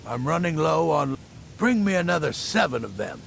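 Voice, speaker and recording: A fantasy-game villager who asks for supplies in an intensely gravelly voice that rises and falls widely. Faint noise runs behind the game audio. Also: male voice, fairly high pitch, big pitch swings, moderate pace, a bit bright, exaggerated voice. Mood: asking. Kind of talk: video game voice acting.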